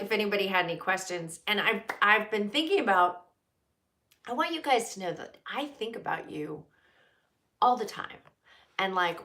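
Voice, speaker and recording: Unhurried bright-voiced woman chatting live. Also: on the low side. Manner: chatty, greets viewers by name, many fillers. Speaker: host of a live stream. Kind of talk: casual live-stream chat.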